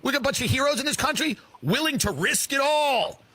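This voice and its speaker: A man ranting loudly in a comedic style, swearing and acting out mock voices. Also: very high-pitched, animated, brisk, crowd noise. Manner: loud swearing rant, acts out rich people in mock voices. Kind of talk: comedic rant.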